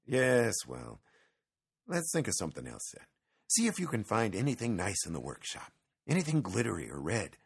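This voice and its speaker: A man voicing a gentle old farmer with a hurt foot in a storybook reading, speaking in a soothing, mild, patient way. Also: on the low side, wildly swooping pitch, normal speed, gravelly, husky, heavily acted. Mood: calm.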